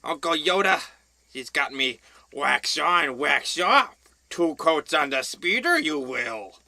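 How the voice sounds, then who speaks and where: A man voicing a grumbling male goblin who trained as a Jedi apprentice and is fed up with chores, talking slowly and sounding put-upon. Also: a little high, very animated, gravelly, bright, forceful tone, no room sound, full character voice. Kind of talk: comic reviewer skit.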